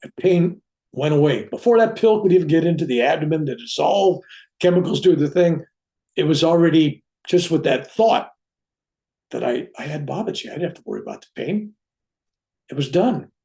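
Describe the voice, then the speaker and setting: A reverend telling a personal spiritual story, acting out what people said along the way. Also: male voice, a little high, moderate pace, vocal fry. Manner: animated, acts out dialogue in his own voice. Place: room at home with a bookcase.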